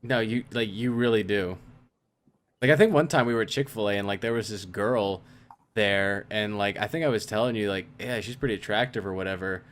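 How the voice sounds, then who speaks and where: A young man co-hosting a casual podcast chat, rambling and halting, full of fillers and restarts. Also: fairly low pitch. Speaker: podcast co-host.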